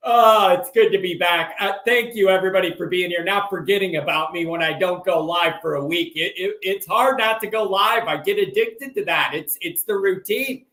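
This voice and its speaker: A man hosting a call-in sports show, talking in a loud, excitable, rambling way. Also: high voice, normal speed, hardly any pauses, echoey room. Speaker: host.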